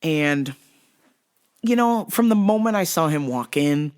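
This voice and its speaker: A woman's voice: sits low, expressive, unhurried, a little mellow. Woman host, casual storyteller, profane, laughs often. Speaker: vlog host.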